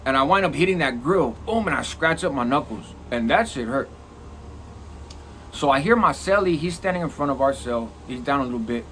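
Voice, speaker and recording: Animated man telling a prison story. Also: medium pitch, fairly quick, a little hiss or hum. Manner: animated, profane, acts out quoted lines. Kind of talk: casual storytelling.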